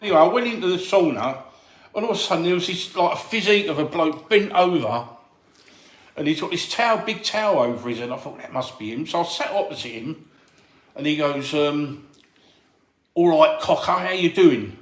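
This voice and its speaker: A man with a somewhat high voice tells a story from his doorman days, slipping into the voices of the people he quotes. His telling is lively and animated. The sound is roomy and echoey. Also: brisk. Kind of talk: casual anecdote telling. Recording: echoey room.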